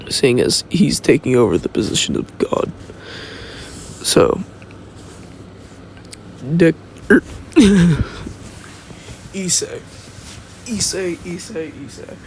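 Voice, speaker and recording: Slow, rambling young man telling a story. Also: on the high side, creaky, a little hiss or hum. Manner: rambling, thinks aloud, self-interrupting. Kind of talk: casual improvised fan-fiction storytelling. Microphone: phone.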